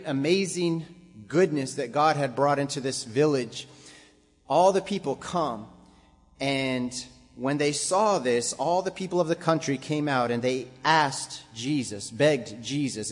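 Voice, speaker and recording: A man's voice: a little high, breathy edge. A man preaching a sermon to a congregation, building up to emphatic, repeated exhortations. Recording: long hall reverb.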